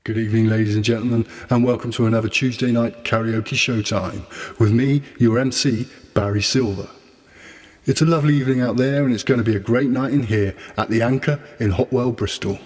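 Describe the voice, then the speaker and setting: A man in his forties voicing a weary karaoke host who rattles off rehearsed, brisk patter. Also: mid-range voice, fairly even intonation, a little mellow, faint music behind, close to an everyday voice. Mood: showman patter. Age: 40s. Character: weary middle-aged male karaoke host.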